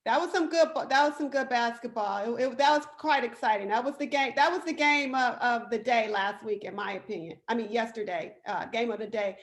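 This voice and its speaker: High-voiced chatty woman co-host. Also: a little fast, few pauses. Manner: chatty and excitable, with frequent fillers. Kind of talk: casual chat about sports.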